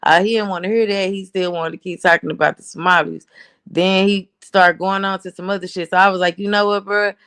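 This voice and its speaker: A woman's voice: lowish voice, steady tone, fairly quick, fairly bright tone, smooth. A woman, telling a story in a casual, blunt, profane rant. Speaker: host.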